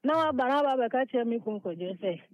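A man's voice: very high-pitched, lively intonation, fast, dry recording, rough recording. A Ghanaian man calling a radio show, rambling on at length and repeating his words. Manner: long rambling talk mixing Twi with Pidgin, repeating words. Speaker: caller. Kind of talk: call-in radio chat.

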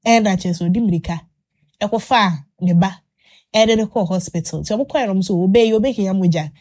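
Animated woman telling a story. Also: medium pitch, moderate pace. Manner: animated retelling with many fillers and restarts. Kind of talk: casual storytelling chat.

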